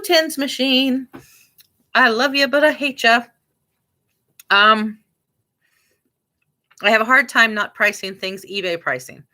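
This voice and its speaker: A woman's voice: mid-range voice, sharp tone. A woman from the American Midwest chatting casually and thinking aloud as she lists items to sell online. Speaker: online reseller and vlogger. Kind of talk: casual chat while working.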